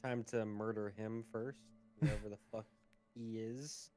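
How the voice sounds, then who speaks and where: A man's voice: fairly low pitch, fairly even intonation, measured pace, a little mellow, faint music behind. A man playing a tabletop game, chatting casually and joking with frequent swearing. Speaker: player. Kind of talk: casual chat.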